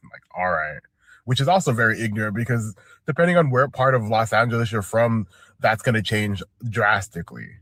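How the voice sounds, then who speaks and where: A man's voice: fairly low pitch, lively intonation, brisk, fairly bright tone, dry recording. A man speaking casual commentary in an exasperated tone.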